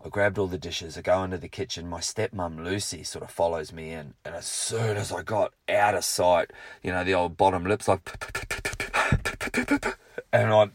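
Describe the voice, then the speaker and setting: A man's voice: low voice, fairly even intonation, normal speed, no echo. A man telling a personal story in a candid, profane, self-mocking way. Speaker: speaker.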